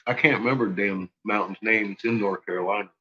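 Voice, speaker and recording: Husky, profane man rambling casually. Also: lowish voice, fast, highs cut off. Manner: rambling, profane, laughs often. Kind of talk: casual chat with viewers.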